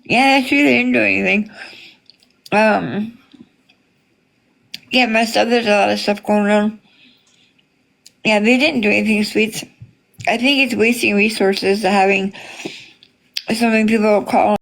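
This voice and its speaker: A woman's voice: mid-range voice, fairly even intonation, a little slow, creaky, pauses often, a bit bright. A woman hosting a casual livestream, chatting with viewers and greeting them by name, with many fillers. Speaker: livestream host reading chat.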